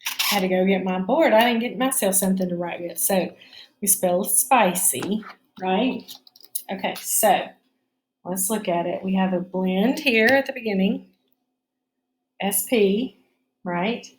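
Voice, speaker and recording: A woman's voice: mid-range voice, unhurried, long pauses, reverberant, slight background noise. A woman teaching a phonics spelling lesson, explaining each step patiently.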